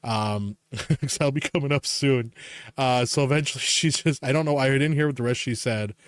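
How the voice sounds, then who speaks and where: A man's voice: medium pitch, normal speed, clean tone, dry recording. A man co-hosting a podcast, telling a story in casual chat, swearing often and laughing as he talks. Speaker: podcast co-host.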